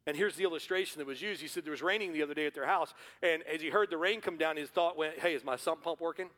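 A man preaching a sermon as pastor in a church, building to forceful repeated refrains. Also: on the high side, quick pace. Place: church sanctuary. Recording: hall reverb.

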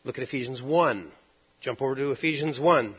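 A man preaching a sermon, driving points home with loud stresses and then dropping to hushed, low lines. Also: brisk, slightly rough, highs cut off.

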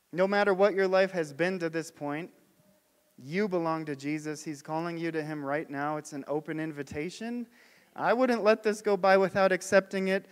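A man preaching a sermon as pastor, telling stories and putting questions to the congregation. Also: high voice. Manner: storytelling, asks the congregation questions. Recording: long hall reverb.

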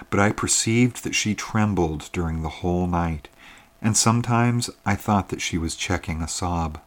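A man narrating a classic tale in a measured, even reading. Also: fairly low pitch.

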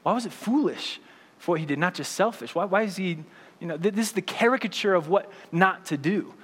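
Pastor preaching in a echoing church. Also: male voice, sits high, animated, brisk, husky. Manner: conversational, frequent "right?" and "like". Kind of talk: sermon.

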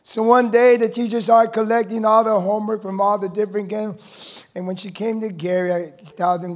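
A man preaching a sermon to his church, building to shouted calls and answered by the congregation. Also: high voice, little pitch movement, moderate pace. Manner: rising to shouted preaching, call-and-response with congregation. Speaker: pastor.

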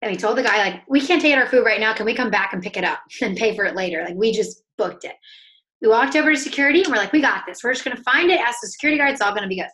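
A woman's voice: a little high, racing. A woman author and coach, a podcast guest, telling an upbeat story in casual talk and acting out the lines of the people in it. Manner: upbeat, animated, acts out dialogue in her story.

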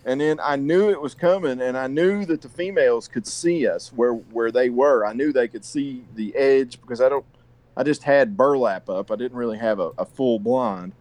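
A man's voice: medium pitch, moderate pace, a little mellow, dry recording. A man, a podcast guest rambling through casual, profane stories between laughs. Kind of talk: casual chat.

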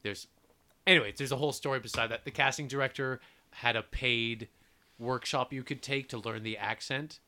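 Canadian guy on a podcast, bright voice, swears a lot, kinda ranty. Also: mid-range voice, fairly even intonation, moderate pace. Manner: blunt, swears freely, ranting. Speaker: podcast co-host, actor. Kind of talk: casual podcast chat.

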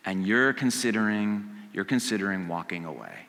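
A man preaching a casual, conversational sermon. He acts out quotes and swings from hushed to loud. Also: mid-range voice, brisk, long reverb tail. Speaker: pastor. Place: church sanctuary.

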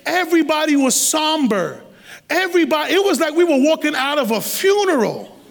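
A middle-aged man preaching a sermon as a guest preacher, animated and streetwise, acting out quotes with humor. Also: extremely high pitch, brisk, vocal fry, in a large hall. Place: church sanctuary.

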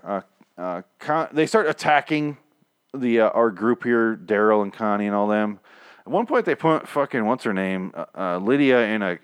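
A man's voice: on the low side, clear, resonant tone, no echo, clean studio sound. A man running a solo podcast, recapping a TV episode in a rambling, profane, self-mocking way.

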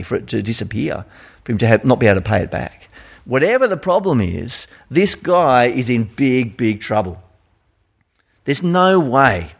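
Animated Australian man preaching. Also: fairly high pitch. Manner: conversational, animated, asks rhetorical questions. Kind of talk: sermon.

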